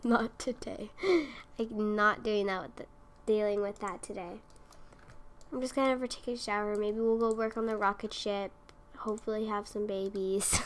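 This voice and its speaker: Slow-talking young woman commenting on gameplay. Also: medium pitch, fairly bright tone. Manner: exasperated, talks to the game characters. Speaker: gaming video creator.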